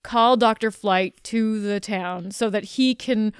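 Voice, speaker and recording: A woman's voice: medium pitch, fairly even intonation, a little slow, smooth, no room sound. A woman co-hosting a horror film podcast in casual chat. She laughs often and swears casually. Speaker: podcast co-host.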